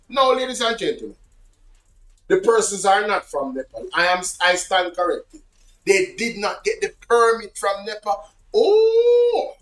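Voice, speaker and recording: A Jamaican man with a high-pitched voice reads an official report aloud for his audience. He keeps stopping to exclaim and comment in Patois, animated and indignant. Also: rough recording. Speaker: political commentary host.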